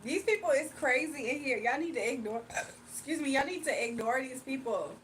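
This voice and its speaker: A woman's voice: sits high, brisk, a bit bright, distant mic, slight background noise. A woman hosting a casual livestream, eating as she chats, laughing often and talking with her mouth full. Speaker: livestream host reading chat.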